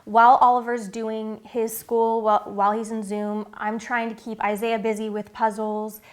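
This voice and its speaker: A woman's voice: fairly high pitch, little pitch movement, moderate pace. Chatty earnest mother vlogging. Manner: earnest, chatty, with many fillers. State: getting emotional, near tears. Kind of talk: casual talk to camera.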